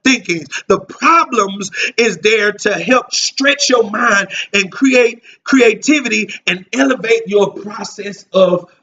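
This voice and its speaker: A man minister preaching a Bible study sermon, emphatic and repetitive, with his voice rising into shouts. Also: sits high, slow, few pauses, far from the mic, dull audio.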